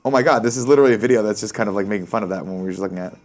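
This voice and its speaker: A man's voice: on the low side, rapid-fire, a little mellow. A man co-hosting a morning show, bantering in a jokey, slangy way. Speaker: co-host. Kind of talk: casual chat.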